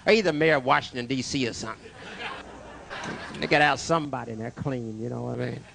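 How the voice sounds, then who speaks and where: A man doing a stand-up comedy set in a club, jokey and animated, stammering through restarts and bantering with the crowd and the waiter. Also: medium pitch, fast, vocal fry, background noise.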